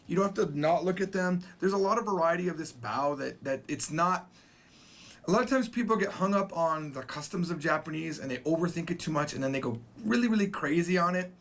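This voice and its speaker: Casual male Japanese teacher, slightly high voice. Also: animated, fairly bright tone. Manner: explains slowly, repeats phrases, casual asides. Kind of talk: recorded video language lesson.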